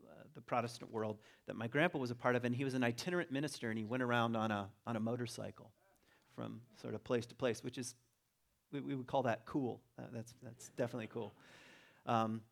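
A middle-aged man with a mid-range voice tells a family story in an unhurried, conversational way. He circles back, restarts phrases and leans on fillers as he talks to a gathered audience. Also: medium pitch, steady tone, vocal fry. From Virginia. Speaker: teacher giving a talk. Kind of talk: personal storytelling talk.

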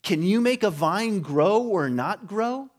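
A man delivering a relaxed, conversational sermon at a slightly higher pitch than most men. He tells the story with humor and dips into quick impressions of the characters as he goes. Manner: animated storytelling, acting out quoted voices with humor. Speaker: preacher.

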